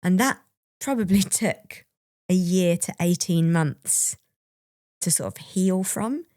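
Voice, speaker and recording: A woman's voice: on the low side, animated, slow pace, mellow, dry recording, clean studio sound. A young adult woman co-hosting a podcast, candidly and reflectively telling a personal story and laughing now and then. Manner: open, reflective, laughs while recalling. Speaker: podcast co-host.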